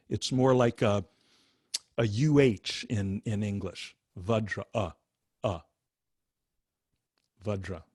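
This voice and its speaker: Slow, unhurried older man teaching a chant. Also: mid-range voice, no room sound, studio quality. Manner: slow, unhurried, with many restarts and fillers. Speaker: meditation teacher. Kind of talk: teaching a chant over a video call. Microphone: video call.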